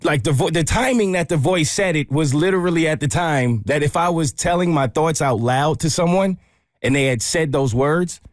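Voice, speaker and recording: A young man, a radio show co-host, telling a story in a relaxed, chatty way. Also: on the high side, moderate pace, no room sound, clean studio sound. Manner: relaxed, conversational, with frequent restarts. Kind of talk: casual storytelling on a morning show.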